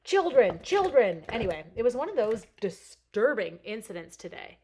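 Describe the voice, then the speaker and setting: A woman's voice: medium pitch, expressive, fairly quick, darkish tone. Chatty woman in her forties crafting live. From Canada. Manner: chatty storyteller, answering viewers by name. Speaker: crafter and schoolteacher hosting a stamping stream. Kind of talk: casual live craft stream chat.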